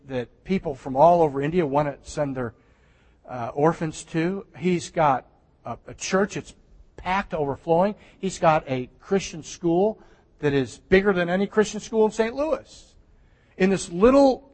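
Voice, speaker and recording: A man pastor preaching a sermon in a conversational way, with restarts and soft laughs, recorded in a church. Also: fairly high pitch. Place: church sanctuary. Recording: church hall reverb.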